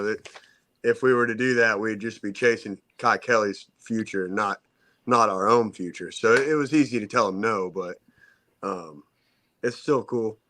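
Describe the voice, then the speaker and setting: A man, co-hosting a talk show and telling a story in casual chat, acting out the other people's voices as he goes. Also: lowish voice. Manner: animated storyteller, acts out quoted voices. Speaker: podcast co-host telling a story.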